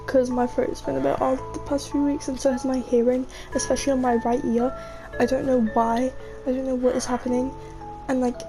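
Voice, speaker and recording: Young woman, high-pitched, rambling gameplay voiceover, clear music behind. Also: poor audio. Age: young adult. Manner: chatty and rambling, often says "mate". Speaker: gaming vlogger.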